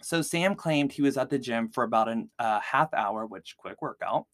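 Male podcast host, mid pitch, casual filler-heavy storytelling, dry recording. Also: lively intonation, moderate pace, fairly bright tone, no echo. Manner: chatty, heavy use of "like" fillers. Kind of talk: casual true-crime storytelling.

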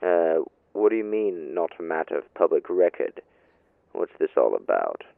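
A man's voice: low-pitched, expressive, moderate pace, vocal fry, no echo, narrow, tinny audio. An actor playing a defensive landlord under interrogation, who blusters and stammers his denials. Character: defensive middle-aged male landlord suspect.

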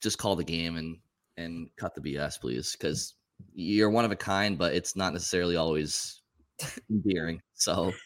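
A man's voice: low voice, normal speed. A man co-hosting a casual sports talk show, rambling and often stumbling over repeated words. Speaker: podcast co-host.

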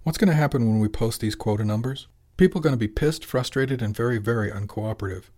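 A man's voice: medium pitch, fast talker, a little mellow, lightly acted. A man voicing a jolly, determined middle-aged fishing boss who talks plainly and persuasively.

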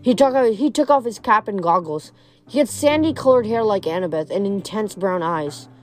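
A woman reading a novel aloud, steady and expressive. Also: medium pitch, moderate pace, soft background music. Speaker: reader. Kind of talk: audiobook narration.

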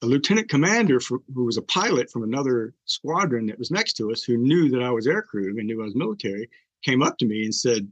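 A man's voice: medium pitch, sing-song, quick pace, slightly rough, dry recording, poor audio. An older man, a podcast guest, earnestly telling an emotional personal story with fillers and restarts.

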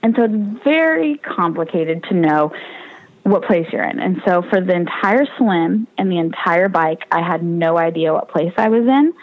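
Young woman telling a race story, lively. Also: fairly low pitch, moderate pace, phone-quality sound. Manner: animated, laughs often, acts out quoted voices. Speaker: interview guest, triathlete. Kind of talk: casual storytelling interview.

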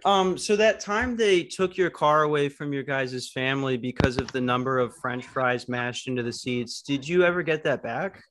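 Deadpan man hosting a crude podcast. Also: medium pitch, normal speed, few pauses. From Arizona. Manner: joking, deadpan crude humor. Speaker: podcast host. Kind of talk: crude casual podcast banter. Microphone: online call.

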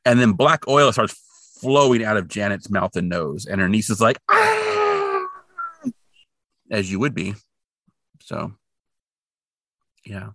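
A man's voice: fairly low pitch, a little slow, long pauses, a bit bright, no echo. A man casually recapping a TV episode on a podcast, thinking aloud and second-guessing himself. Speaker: podcast co-host.

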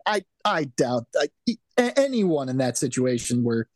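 A man's voice: medium pitch, big pitch swings, normal speed, dry recording. A man co-hosting a casual podcast chat, hesitant and restarting his sentences often. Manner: hesitant, many fillers and restarts. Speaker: podcast co-host.

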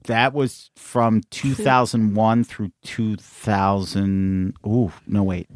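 A man's voice: on the low side, slow pace, no room sound, clean studio sound. A man, a comedian, telling stories in casual chat, laughing often and acting out the people he talks about. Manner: animated storytelling, laughing and imitating people.

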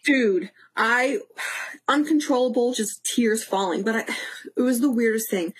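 A young woman telling a story in casual chat, animated, acting out quotes and laughing. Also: on the high side, measured pace, slightly rough.

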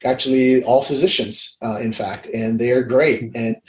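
A man from Hawaii, a lively interview guest at an everyday mid pitch. He acts out the dialogue he quotes as he talks. His voice rings with a roomy echo. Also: measured pace. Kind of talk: casual interview chat.

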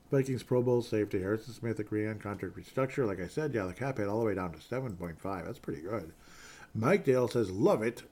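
A man with a fairly low voice hosts a loose, casual sports talk stream. He reads viewer comments aloud and wanders off into rambling, self-deprecating asides, often sinking to a mumble. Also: mellow. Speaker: sports podcast host reading viewer comments.

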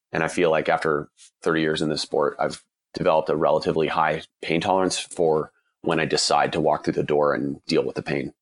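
A man in his forties, an endurance cyclist, giving candid, earnest interview answers, slightly husky from a cold. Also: rumbling low. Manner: earnest, candid, with frequent restarts.

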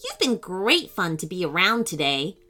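A woman voicing a cheerful young knight in a children's story, with a bright, eager delivery. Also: fairly low pitch, very animated, normal speed.

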